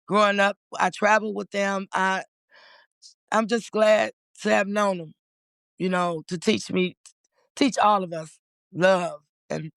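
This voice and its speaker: Candid woman, warm dry-sounding voice. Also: medium pitch, vocal fry, no room sound. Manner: candid, emotional, talks in bursts with restarts. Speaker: interview guest, community organizer. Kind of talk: casual conversational interview.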